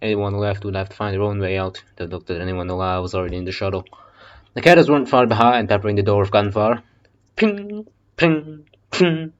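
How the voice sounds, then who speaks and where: Low-voiced man reading an audiobook casually. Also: fairly even intonation, fast talker, muffled recording. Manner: swearing, joking asides. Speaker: audiobook reader. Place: basement.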